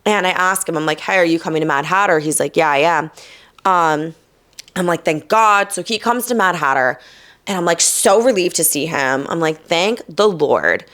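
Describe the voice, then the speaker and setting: A young woman from New Jersey hosting a podcast, telling a night-out story in a casual, animated way, swearing and quoting people with sass. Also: on the low side, normal speed. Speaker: podcast host.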